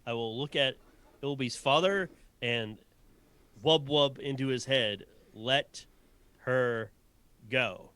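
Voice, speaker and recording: Earnest male player, mid-pitched. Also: a little slow, fairly bright tone, smooth, no echo. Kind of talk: tabletop game play.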